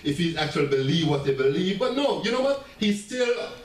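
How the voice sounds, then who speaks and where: A man preaching a sermon as pastor, animated, with laughing asides and stammering restarts. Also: fairly high pitch, fairly quick. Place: church sanctuary. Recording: echoey church room heard from a distance.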